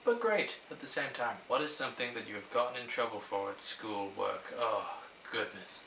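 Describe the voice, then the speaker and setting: A man's voice: mid-range voice, expressive, moderate pace, gravelly, sharp tone, a little hiss or hum. A young man chatting casually to camera, answering question prompts and rambling through stories with restarts. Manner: rambling, storytelling, self-interrupting. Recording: echoey room, mic at a distance.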